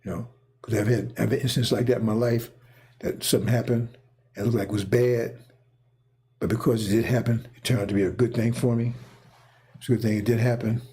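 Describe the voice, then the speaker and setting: A man's voice: medium pitch, fairly even intonation, fairly quick, long pauses, mellow, slightly rough. A man delivering a rambling, casual spoken monologue, repeating himself and checking in with his listeners. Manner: casual, repetitive, keeps checking in with "see?" and "right?". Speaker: speaker giving a prophetic monologue.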